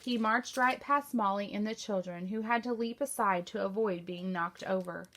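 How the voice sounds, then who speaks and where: A woman teacher reading a novel aloud to her class in a steady storytelling manner. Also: mid-range voice, normal speed.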